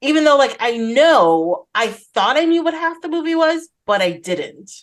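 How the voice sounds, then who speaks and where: A woman's voice: high voice, sing-song, normal speed. Enthusiastic woman chatting about films. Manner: enthusiastic, rambling, acts out quotes. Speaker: podcast host. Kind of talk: casual film chat.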